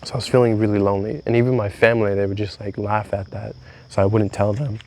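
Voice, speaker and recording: A man's voice: fairly low pitch, flat delivery, fast, dark tone, a little hiss or hum. A young man vlogging a candid, rambling confessional monologue, swearing freely as he talks.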